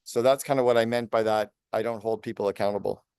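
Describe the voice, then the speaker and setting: A man in his late fifties, a business coach speaking as a podcast guest, talking fast and energetically in long lists. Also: lowish voice, fairly even intonation, darkish tone, smooth, no room sound, clean studio sound. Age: 50s. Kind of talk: podcast interview.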